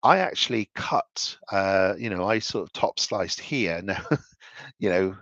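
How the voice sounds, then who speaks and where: A man's voice: sits low, lively intonation, unhurried, a bit bright, no echo, muffled recording. A man giving casual commentary on investments over charts, rambling and thinking aloud with frequent restarts.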